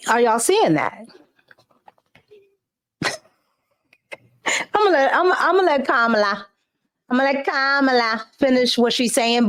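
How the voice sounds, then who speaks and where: A woman host giving sassy, emphatic opinion commentary in casual slang; her family is Cuban. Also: fairly high pitch.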